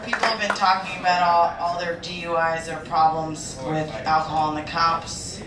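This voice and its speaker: A woman from Los Angeles doing a stand-up set with a dry, deadpan delivery. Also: fairly low pitch, normal speed, distant mic. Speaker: stand-up comedian. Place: comedy club stage. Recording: echoey room from afar with crowd and noise.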